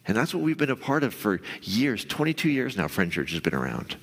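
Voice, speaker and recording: Low-voiced guy preaching casual, acts out the voice in your head higher, big hall reverb. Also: sing-song, brisk, breathy edge. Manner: conversational, acts out inner voices in a raised pitch. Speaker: pastor. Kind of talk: sermon.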